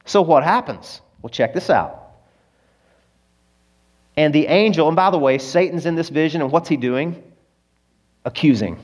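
Speaking expressively and a little slowly with long pauses, a pastor delivers his sermon. He alternates between forceful emphasis and hushed lows, emotional to the point of nearly tearing up.

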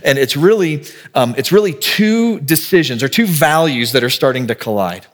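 A male pastor preaches a sermon in a relaxed, conversational way, thinking aloud and acting out little bits of dialogue to make his point. His voice is a little high and moves at normal speed.

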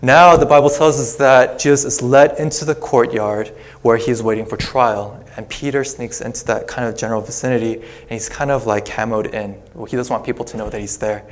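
A pastor, a man, preaching a sermon in a relaxed, conversational way, retelling a scripture story with casual asides. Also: medium pitch, a little fast.

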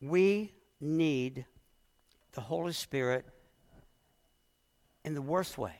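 Earnest pastor, slightly high voice. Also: male voice, takes it slowly, a little mellow, in a large hall. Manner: earnest, emotional, stammering restarts. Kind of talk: sermon.

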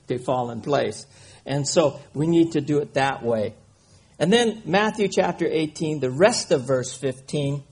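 A man's voice: fairly high pitch, a little mellow, slightly rough. A man preaching a conversational sermon, reading scripture and often checking in with his listeners. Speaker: pastor.

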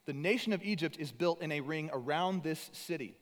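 Fast-talking preacher in an echoey hall. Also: male voice, a little high. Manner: animated storyteller, conversational. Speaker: pastor. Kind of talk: sermon.

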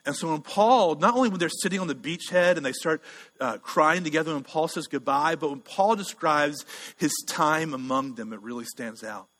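A man preaching in a loose, chatty, self-deprecating way, often restarting his sentences. His voice sits a little high and sounds bright. The sound rings with a long hall reverb, as in a church sanctuary. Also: moderate pace. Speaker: pastor. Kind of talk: sermon.

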